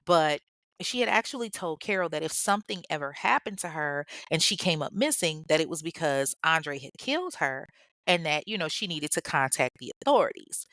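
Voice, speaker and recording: A woman's voice: low-pitched, expressive, moderate pace, fairly bright tone, no room sound. A woman hosting a podcast, casually recounting a true-crime case, chatty and blunt, swearing freely and talking straight to her listeners. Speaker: podcast host.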